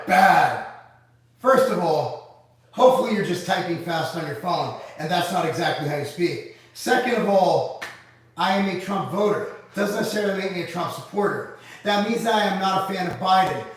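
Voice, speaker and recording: A man answers viewer comments on a casual livestream with blunt sarcasm and plenty of swearing. His voice sits fairly high. He is heard from some distance in a strongly echoing room. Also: lively intonation, normal speed. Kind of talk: casual live Q&A.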